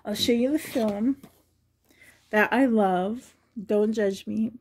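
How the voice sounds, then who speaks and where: A woman's voice: medium pitch, slow pace, darkish tone, slightly rough. A middle-aged woman vlogging in a casual, rambling way, chatting to camera and laughing often.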